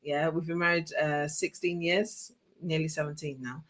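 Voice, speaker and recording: A woman in her forties, co-hosting a chat show with her husband, telling an animated story and acting out what people said. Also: deep voice, normal speed. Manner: animated storyteller, acts out quotes. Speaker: co-host, pastor's wife.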